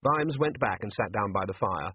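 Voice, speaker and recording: A man narrates an audiobook with expressive storytelling. His voice is husky and swings widely in pitch. The sound is dry and thin, like a phone line. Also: moderate pace, dry recording. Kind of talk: scripted narration.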